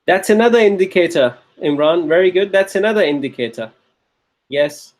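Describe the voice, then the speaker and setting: A man's voice: high voice, lively intonation, normal speed. A man lecturing a grammar class, repeating key phrases and checking in with the students as he goes. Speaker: Arabic grammar teacher.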